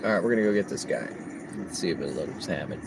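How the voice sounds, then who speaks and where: A man livestreaming on the road as a delivery driver, telling a story in a casual, animated way and laughing often. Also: low-pitched, fast, vocal fry, very noisy.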